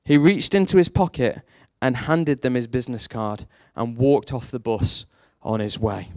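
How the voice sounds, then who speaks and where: Lively preacher, dry close sound. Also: male voice, medium pitch, moderate pace, no room sound. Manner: storytelling, animated, rises sharply for emphasis; rhetorical questions to the congregation. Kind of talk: sermon.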